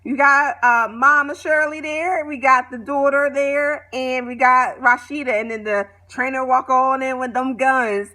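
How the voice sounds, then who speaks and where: A woman talks through a reality show episode in a loose, slangy, opinionated way, like she is catching a friend up. Her voice sits a little high and sounds bright and forward. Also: unhurried, few pauses. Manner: animated, opinionated, slangy storytelling. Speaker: show recap vlogger. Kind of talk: casual chatty TV recap.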